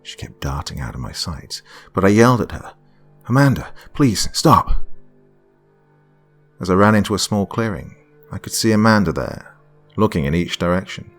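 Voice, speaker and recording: A man narrating a creepy first-person horror story in a measured, tense way, dropping to a hush at times. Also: low voice, animated, faint music behind.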